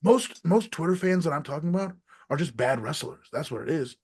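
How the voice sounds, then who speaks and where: American man, wrestler, podcast guest, swearing a lot, ranting, loud then soft. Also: a little high, lively intonation, a little fast, breathy edge. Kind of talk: casual interview chat.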